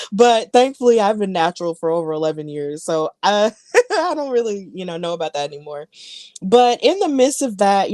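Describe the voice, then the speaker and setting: A woman's voice: fairly high pitch, darkish tone, dry recording. A woman in her thirties, a podcast co-host, chattily and enthusiastically recapping wrestling matches with many fillers.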